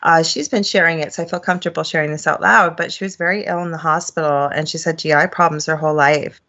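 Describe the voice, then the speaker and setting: Rambling woman host, lowish voice. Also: fairly even intonation, fast talker, pushed and bright, highs cut off. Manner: rambling, hedging with "say" and "like". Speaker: podcast host. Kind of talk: casual spiritual chat.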